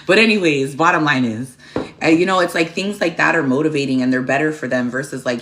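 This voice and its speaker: A woman's voice: deep voice, fairly quick, fairly bright tone. A woman hosting a tarot livestream, chatting casually in a blunt, profane, rambling way and thanking viewers by name as she goes. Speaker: tarot reader and livestream host.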